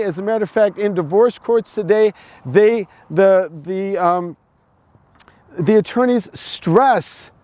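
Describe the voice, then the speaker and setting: High-voiced preachy American man. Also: darkish tone, no echo. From United States. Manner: repetitive, preachy, stumbling restarts. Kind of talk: opinion monologue.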